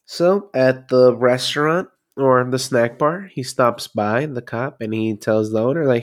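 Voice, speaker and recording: A man's voice: medium pitch, unhurried, few pauses. A man casually recapping a film plot, rambling and swearing freely as he goes.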